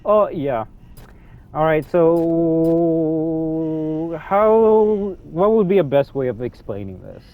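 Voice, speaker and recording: A young man giving excitable, rambling commentary over a game, swinging between low mutters and loud outbursts. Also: takes it slowly, narrow, tinny audio. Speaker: gaming youtuber. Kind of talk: ranting gameplay commentary.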